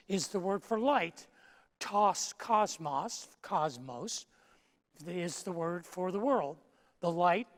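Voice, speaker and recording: A pastor preaching a sermon in a church, moving from quiet, measured teaching to loud, emphatic declarations. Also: medium pitch.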